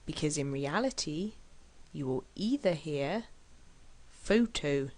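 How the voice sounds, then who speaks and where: A woman teaching an English lesson in a scripted style, pronouncing words slowly and deliberately. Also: sits low, lively intonation.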